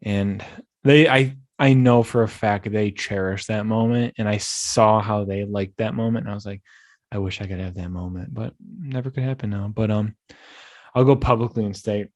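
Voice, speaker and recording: Chatty young New man rambling. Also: lowish voice. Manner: rambling, animated storytelling with restarts. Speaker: podcast host. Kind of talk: casual chat.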